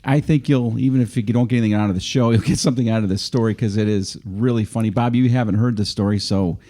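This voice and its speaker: Relaxed male podcast host, dark mellow voice, laid-back lead-ins. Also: lowish voice. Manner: easygoing, slow lead-in with laughs. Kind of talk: casual podcast chat.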